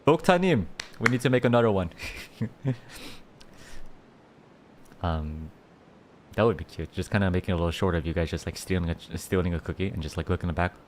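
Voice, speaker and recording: A low-pitched man rambles through a casual livestream chat, his voice swinging widely up and down as he giggles. He thanks donors with playful little rawrs and restarts his sentences often. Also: lively intonation, a little fast, long pauses, slight background noise. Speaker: streamer.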